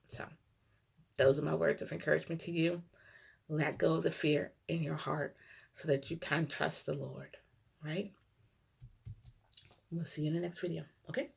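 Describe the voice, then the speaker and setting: A middle-aged woman speaks slowly and earnestly in a low, gravelly voice. Her talk is a casual devotional, broken into short halting phrases with many fillers. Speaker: Christian vlogger.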